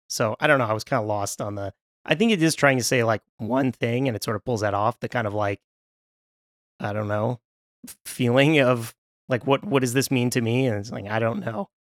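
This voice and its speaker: A man in a loose film-podcast discussion, talking at a middle pitch with a rambling, stop-start delivery. He laughs often as he goes and trails off mid-thought. The sound is close and dry, with no room around it. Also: no room sound. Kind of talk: casual film review discussion.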